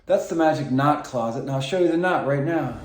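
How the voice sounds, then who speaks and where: A man vlogging in a meandering monologue, drifting between tangents and filling pauses with "um". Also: a little high, very noisy. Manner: meandering, full of filler ums and tangents. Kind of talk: rambling monologue to camera. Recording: echoey room.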